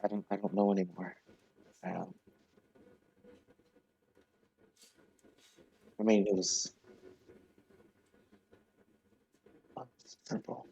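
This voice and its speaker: A man's voice: on the low side, flat delivery, a little fast, creaky, warm tone, husky, poor audio. A man voicing a distraught character who mutters brokenly to himself, torn by guilt. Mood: anguished.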